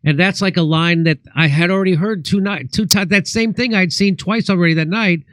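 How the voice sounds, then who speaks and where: A man's voice: sits high, a little fast, fairly bright tone, dry recording. A man who is a comedian and host, telling rambling comic stories in casual chat, full of restarts and acted quotes.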